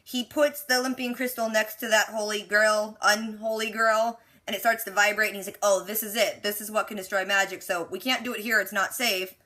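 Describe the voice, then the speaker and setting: A woman's voice: medium pitch, steady tone, a little fast, hardly any pauses, pushed and bright. A woman giving a casual, chatty recap of a TV episode, full of "like" and sarcastic asides. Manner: quotes characters with lots of "like". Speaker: TV reaction recapper.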